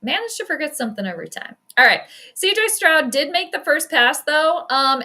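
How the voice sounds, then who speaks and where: A woman chatting casually on a live stream, giving an astrology prediction and reacting to a football game as it plays, with quick asides and self-deprecating jokes. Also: high-pitched, big pitch swings, sharp tone. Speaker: sports astrology streamer and commentator.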